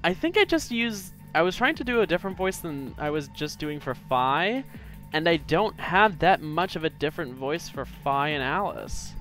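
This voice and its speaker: A man's voice: fairly high pitch, big pitch swings, normal speed, a bit bright, faint music behind. A man co-hosting a game stream who chats casually and rambles, with lots of ums and uhs. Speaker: co-host of a game let's play stream. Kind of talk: casual gaming banter.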